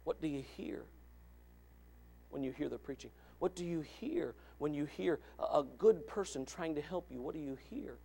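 A man preaching a sermon, jumping between loud shouted lines and low murmured asides, with a gravelly edge to his voice. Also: lively intonation, normal speed. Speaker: pastor.

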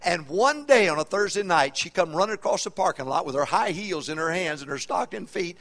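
A middle-aged man preaches to his congregation in an energetic, humorous style. His voice sits high and swings widely in pitch. He keeps throwing questions back to the pews. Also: a little fast. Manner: animated, humorous, call-and-response preaching. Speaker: pastor. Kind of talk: sermon. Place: church auditorium.

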